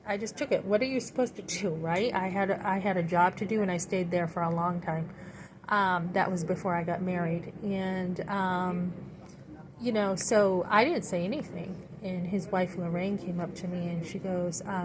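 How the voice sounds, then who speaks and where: Rambling woman with a lowish voice. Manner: rambling, frequent fillers and restarts. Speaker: vlogger. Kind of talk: personal monologue to camera. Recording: noisy background.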